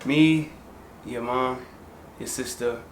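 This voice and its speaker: Young man co-host, relaxed casual storyteller, echoey room. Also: mid-range voice, slow pace. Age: young adult. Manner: laid-back, jumps in to take over the story. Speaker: co-host vlogger. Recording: echoey room with faint noise.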